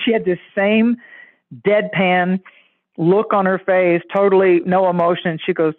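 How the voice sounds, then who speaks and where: A man with a high-pitched voice chats loosely and tells stories, slipping into the voices of people he quotes. His voice comes through a thin, narrow line, as if over a phone. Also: measured pace. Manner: animated, acts out quoted voices. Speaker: podcast guest. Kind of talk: casual storytelling chat.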